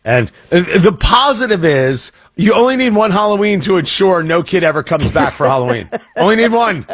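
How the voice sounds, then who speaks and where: Wry, joking radio host. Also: male voice, high voice, big pitch swings, normal speed, a bit bright, a little hiss or hum. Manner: wry, joking, self-interrupting. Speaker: radio talk show host. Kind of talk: casual morning radio chat. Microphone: studio microphone.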